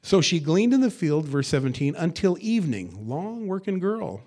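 A man preaching an expository sermon, moving between hushed, conversational asides and loud, emphatic verse reading, with folksy acted-out quotes. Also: a little high, big pitch swings, normal speed. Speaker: pastor.

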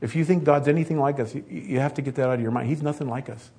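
A man delivering a sermon with a husky, slightly breathy voice. He talks to the congregation in an easy, conversational way, then pushes into loud, emphatic stretches. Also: medium pitch, very fast. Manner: conversational, building to emphatic peaks. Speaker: preacher.

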